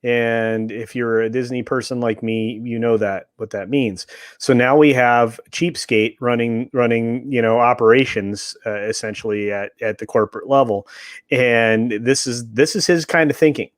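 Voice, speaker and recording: A man talks on a casual livestream, explaining things in a halting way with many restarts. His voice sits at a middle pitch. The sound is close and dry. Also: fairly even intonation, no room sound. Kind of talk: casual commentary.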